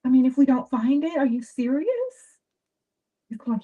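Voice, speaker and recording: A woman giving dating advice in a chatty, animated livestream talk. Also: sits high, normal speed, breathy edge. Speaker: advice host. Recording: dull lo-fi sound.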